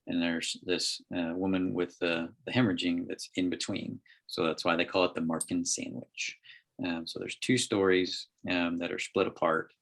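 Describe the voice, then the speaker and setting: A man leading a Bible study over a group call, explaining scripture in a halting way with many ums and restarts. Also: low voice, vocal fry, a bit bright. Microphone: call microphone.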